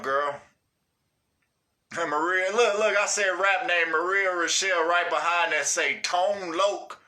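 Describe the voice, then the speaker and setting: A man's voice: sits high, pushed and bright. A man hosting a livestream, reading out viewer comments in a laid-back, slangy, profane way and cracking up often. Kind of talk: casual livestream chat.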